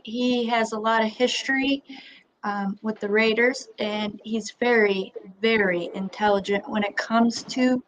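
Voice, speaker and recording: Slow, halting female co-host. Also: on the high side, muffled recording, a little hiss or hum. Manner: hesitant, filler-heavy, warm praise. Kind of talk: casual interview chat.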